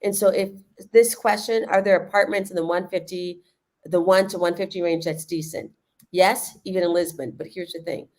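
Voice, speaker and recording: A woman living in Lisbon, giving casual, animated explanations on a livestream and laughing often. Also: lowish voice, normal speed. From United States.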